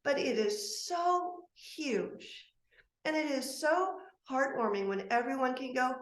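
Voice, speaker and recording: A woman's voice: sits high, slow. A woman guest speaking as a soul constellation practitioner in an interview, heartfelt and emotional, talking in spirited bursts. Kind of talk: earnest interview talk. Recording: echoey room.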